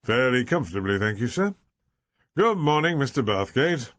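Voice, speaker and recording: A man voicing a calm, deferential male police inspector who speaks formally. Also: medium pitch, normal speed, dry recording.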